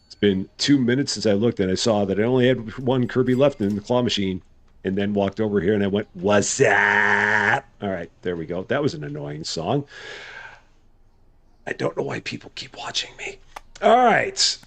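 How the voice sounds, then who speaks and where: A man's voice: lowish voice, fairly quick, a little mellow. A man giving casual live gameplay commentary as a streamer, chatty and good-humored, thinking aloud. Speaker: game streamer.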